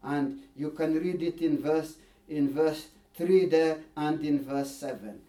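A man's voice: a little high, slow, mellow, recorded from a distance. A man leading a Bible study, talking earnestly and emphatically, often repeating key phrases. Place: church hall. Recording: echoey hall, voice from off mic.

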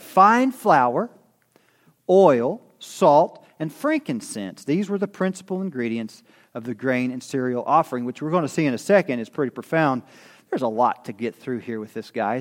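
A middle-aged man delivering an expository sermon, his voice sitting a touch high for a man. He talks to the congregation casually, often pausing to ask "okay?" and restarting his sentences as he works through the text. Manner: conversational, self-correcting, asks the congregation "okay?". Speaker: pastor.

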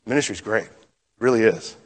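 Middle-aged guy pastor preaching, chatty then quiet, long reverb like a big church hall. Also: fairly low pitch, fairly quick. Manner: conversational preaching, swings from lively to hushed. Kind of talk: sermon.

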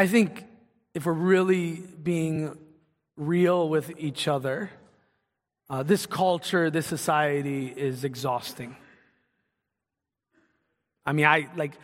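A man's voice: high-pitched, fairly bright tone, big-room sound. A man preaching a sermon as pastor, earnest and conversational, building to passionate emphasis.

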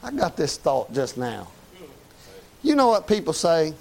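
Man preaching in church, high voice, folksy and emphatic, lots of rhetorical questions. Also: huge pitch swings, unhurried, creaky, darkish tone, low-quality recording. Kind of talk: sermon. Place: church building with a congregation.

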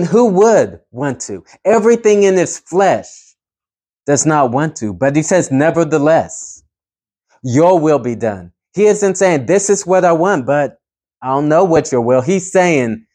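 A man's voice: fairly high pitch, a little mellow. A man preaching a sermon, earnest and emphatic, pushing his voice up to stress key points.

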